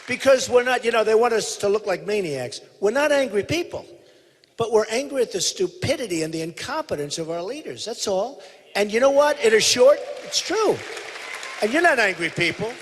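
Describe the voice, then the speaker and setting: Male candidate, emphatic rally delivery, slightly high voice, theater reverb. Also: lively intonation, normal speed, fairly bright tone, a faint crowd, a little hiss or hum. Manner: emphatic, repetitive, boastful, quotes others in a mimicking voice. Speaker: presidential candidate speaking at a rally. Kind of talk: rally speech in conversation onstage. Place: large theater hall.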